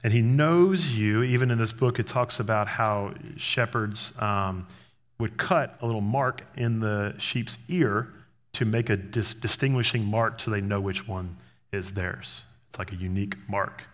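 A man preaching a sermon in an animated, conversational way, acting out little scenes as he goes. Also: on the low side.

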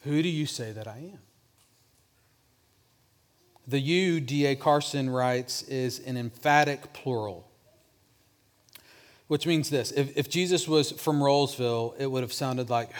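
A male pastor preaching a sermon, with restarts, dropping softer to voice a repeated question. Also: on the high side, a little slow. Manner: preaching with restarts, drops softer when voicing Jesus' question.

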